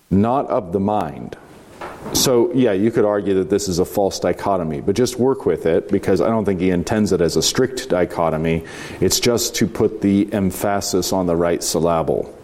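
A man teaching a class, reading passages aloud and commenting on them in a measured, conversational way, slowing down for emphasis. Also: deep voice, warm tone, a little hiss or hum. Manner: measured and reflective, with slow emphatic stretches; conversational, with fillers and restarts. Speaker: teacher leading a reading of a philosophy text.

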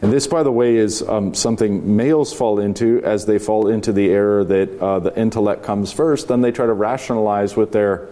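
A man teaching a class, reading passages aloud and commenting on them in a measured, conversational way, slowing down for emphasis. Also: on the low side, dark tone. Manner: measured and reflective, with slow emphatic stretches; conversational, with fillers and restarts. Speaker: teacher leading a reading of a philosophy text.

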